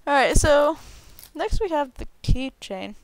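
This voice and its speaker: A young woman hosting a casual unboxing video, bubbly and excitable, tripping over her words as she gushes. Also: sits high, unhurried, no room sound. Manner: bubbly and excitable, gushing with stumbling repeats. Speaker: unboxing channel host.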